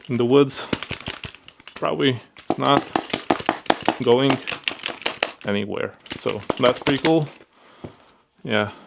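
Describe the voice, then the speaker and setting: Gravelly man reviewing gear casually. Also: mid-range voice, noisy background. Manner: relaxed, repeats fillers like "pretty cool" and "yeah"; handles the gear while talking. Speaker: product reviewer.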